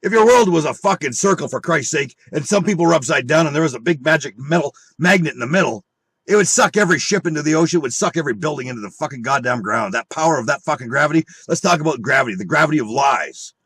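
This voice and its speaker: A man's voice: a little high, animated, fast talker, a bit bright, husky, no room sound. A man on an angry monologue full of swearing and rhetorical questions. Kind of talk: angry profane rant.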